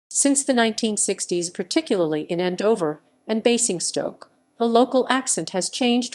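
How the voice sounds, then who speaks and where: A woman's voice: mid-range voice, darkish tone. A woman reading an encyclopedia article as scripted narration, spelling out phonetic symbols literally. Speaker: article reader.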